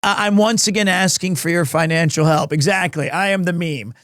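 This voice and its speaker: A man live-streaming from home, chatting casually with his viewers in a rambling, excitable, self-deprecating way. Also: high voice, a little fast, no room sound, studio quality.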